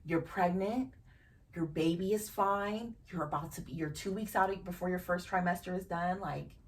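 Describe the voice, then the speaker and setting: A woman's voice: on the low side, normal speed. A woman hosting a podcast, telling a personal story frankly and emotionally, with casual swearing. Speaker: podcast host. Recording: distant from the mic.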